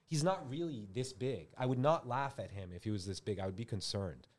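A man's voice: mid-range voice, fairly quick. A man hosting a comedic podcast, talking in a jokey, rambling way and slipping into squealing voices for quotes. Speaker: podcast host. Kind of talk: comedic casual chat.

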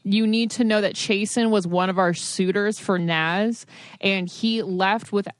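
A young woman co-hosting a podcast, telling stories in a lively, self-mocking way. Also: mid-range voice, unhurried, dry recording, studio quality. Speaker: podcast co-host. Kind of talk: casual chat.

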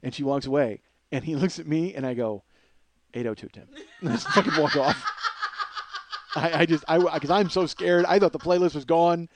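Animated man telling a story. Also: on the high side, normal speed. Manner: animated, profane storyteller acting out quotes. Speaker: podcast host. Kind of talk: casual storytelling.

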